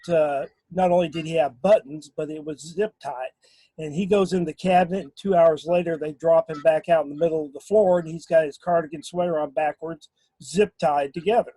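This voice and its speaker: A man talking casually in a remote group discussion, halting, with many fillers and restarts. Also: fairly high pitch, dark tone, breathy edge, no echo, rough recording. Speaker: guest on a paranormal discussion.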